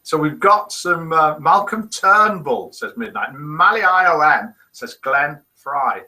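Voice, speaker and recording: A middle-aged man from the United Kingdom hosts a casual live morning broadcast, reading viewer comments aloud with playful, chuckling banter. His voice sits fairly high and swings widely in pitch. The tone is bright and forward. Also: slow, low-quality recording. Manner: lively, chuckling, playful quiz-master banter. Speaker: host of a daily live show.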